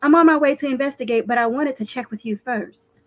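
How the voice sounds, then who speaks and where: A woman reading aloud, voicing a young female school caretaker who talks urgently and a bit higher. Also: a little fast, natural voice.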